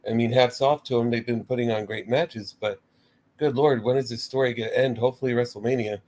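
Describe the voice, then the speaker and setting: A man's voice: medium pitch, steady tone, fairly quick, darkish tone. A man hosting his own wrestling commentary show, rambling casually and getting exasperated, with swearing and mimicked reactions. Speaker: wrestling commentary channel host.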